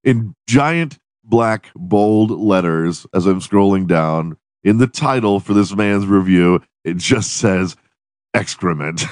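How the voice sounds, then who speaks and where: A man's voice: low voice, expressive, slow pace, a little mellow, dry recording, clean studio sound. A man hosting his podcast in a profane, rambling, giggly solo monologue. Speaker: podcast host.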